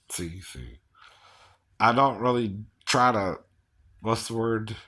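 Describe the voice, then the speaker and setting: A man's voice: fairly low pitch, takes it slowly, sharp tone. A man from Georgia talking in a rambling casual monologue, chuckling often and tagging "right, right" onto his points.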